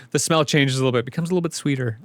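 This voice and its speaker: A man's voice: a little high, a bit bright, dry recording. A man narrating a tabletop game as game master, in a casual, rambling way full of fillers. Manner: casual, rambling, filler-heavy, laughs often.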